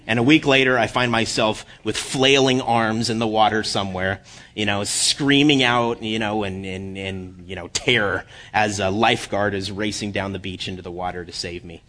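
A man giving a sermon as guest preacher, joking at his own expense with halting restarts. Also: lowish voice, fairly even intonation, sharp tone. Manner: self-deprecating humor, halting restarts. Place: church.

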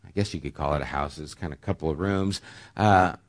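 A middle-aged man preaching a sermon, earnest, rising to loud emphasis and dropping to hushed near-whispers. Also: rumbling low, fast. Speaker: pastor.

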